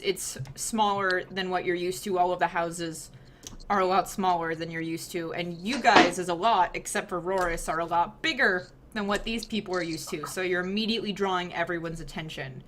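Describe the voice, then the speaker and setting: A young woman narrating a tabletop fantasy game as the game master, describing the scene with relaxed fillers and hedges. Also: fairly low pitch, noisy background.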